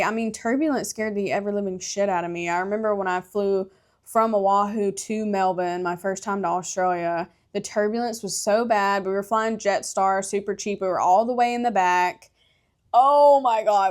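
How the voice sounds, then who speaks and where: A young woman hosting her own podcast, chatting candidly about her life and travels, laughing often and swearing freely. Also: medium pitch. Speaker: podcast host. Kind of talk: casual solo podcast chat.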